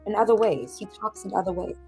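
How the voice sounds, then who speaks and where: A woman hosting a live stream, giving casual advice and telling stories, laughing often and switching into a squeaky high voice when she acts out other people. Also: animated, quick pace, gravelly, darkish tone, slightly rough, faint music behind. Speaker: host of a self-help livestream. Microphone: video call or stream mic.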